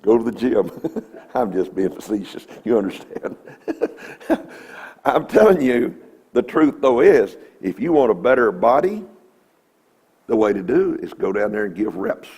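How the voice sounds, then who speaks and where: A man's voice: mid-range voice, very animated, unhurried, pauses often, a little mellow, slightly rough. A man giving a folksy, emphatic Bible lesson in a church, quoting scripture. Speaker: Bible teacher.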